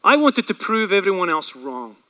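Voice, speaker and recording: A man preaching a sermon, telling a personal story in an animated, fast way. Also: high voice, rough recording.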